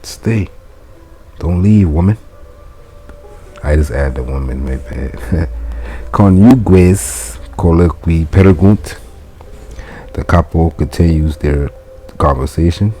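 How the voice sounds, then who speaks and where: A man's voice: rumbling low, takes it slowly, warm tone. A man reading a Latin textbook aloud and translating it as he goes, thinking aloud, correcting himself and chuckling at his slips.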